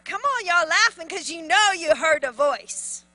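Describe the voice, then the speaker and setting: A woman pastor preaching with a high, very bright voice. She is animated and acts out little voices as she preaches. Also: unhurried, few pauses, dry recording, rough recording. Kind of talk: sermon.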